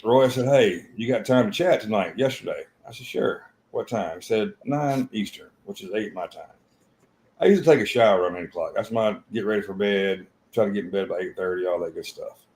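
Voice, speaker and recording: A low-pitched man with a blunt, cussing way of talking. He co-hosts a casual live trading stream and tells stories by acting out quoted lines. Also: a little fast, a little mellow, a little hiss or hum, rough recording.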